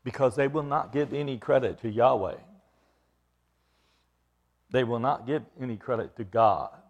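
A man's voice: medium pitch, normal speed. A man preaching an expository sermon, emphatic, repeating phrases for stress and putting questions to his listeners.

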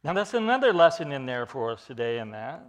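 A man's voice: medium pitch, big pitch swings, fairly quick. A man preaching an expository sermon as pastor, earnest and emphatic, often repeating and restarting his phrases.

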